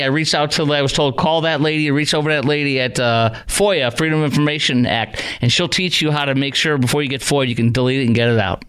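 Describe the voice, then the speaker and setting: A man hosting a talk radio show, ranting with rising anger and then settling into calm talk to callers. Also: a little high, smooth. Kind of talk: opinionated talk radio monologue.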